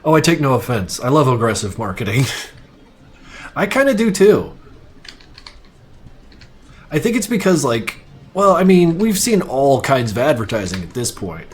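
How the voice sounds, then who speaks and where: A man's voice: mid-range voice, very animated, unhurried, long pauses, husky. A young man chatting casually on a livestream while he works, rambling, swearing freely and poking fun at himself. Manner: rambling, profane, self-mocking. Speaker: streamer animating on stream.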